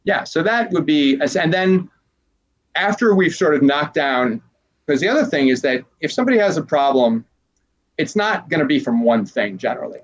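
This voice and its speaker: A man's voice: fairly high pitch, normal speed. Rambling man coaching on a dull line. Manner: rambling and animated, acts out little quoted exchanges. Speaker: transformational coach, interview guest. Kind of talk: casual interview talk.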